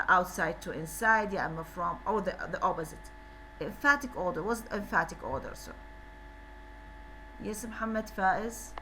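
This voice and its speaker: A woman's voice: mid-range voice, sharp tone, slight background noise. A woman with an Iraqi Arabic accent lecturing an English class, switching between English and Arabic and repeating questions to her students. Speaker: university English teacher.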